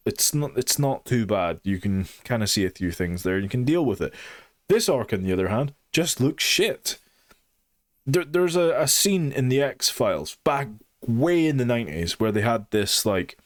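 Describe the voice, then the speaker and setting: A man's voice: medium pitch, dry recording, clean studio sound. A young man giving a blunt, sarcastic and sweary review of a TV show in a casual, opinionated way.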